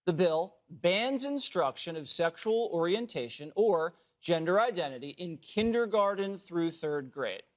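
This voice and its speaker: A man's voice: high voice, animated, measured pace, few pauses. A man hosting a talk panel, reading punchy scripted intros and chatting emphatically. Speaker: talk show host.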